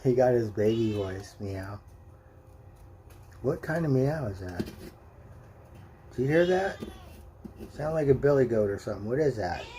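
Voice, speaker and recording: A man vlogging casually, talking softly and affectionately to his pet cat and coaxing it. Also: mid-range voice, lively intonation, moderate pace, pauses often, slight background noise. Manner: soft, cooing, affectionate toward the cat.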